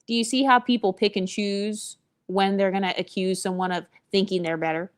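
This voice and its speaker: A woman talking straight to her audience in a casual vlog, sassy and blunt. She swears freely and drops mocking asides as she airs her opinions. Her voice sits at an ordinary pitch for a woman. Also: fairly even intonation, moderate pace, clear, resonant tone. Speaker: vlogger.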